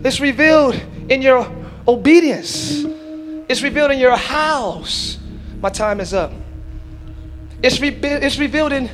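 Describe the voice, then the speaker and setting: A pastor preaching a live church sermon, with emphatic delivery that swings between shouts and hushed low lines. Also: male voice, measured pace, pauses often, over music. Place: church sanctuary.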